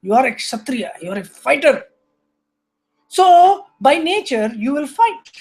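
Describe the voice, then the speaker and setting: High-voiced male storyteller teaching scripture. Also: unhurried. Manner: animated storyteller, acts out characters. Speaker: spiritual teacher. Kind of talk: scripture lecture with stories.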